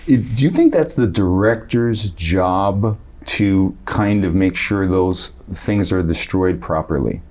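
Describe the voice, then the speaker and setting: A man's voice: low voice, slow pace, few pauses, darkish tone. A man hosting an interview podcast, listening attentively with frequent short affirmations and asking follow-up questions. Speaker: podcast host.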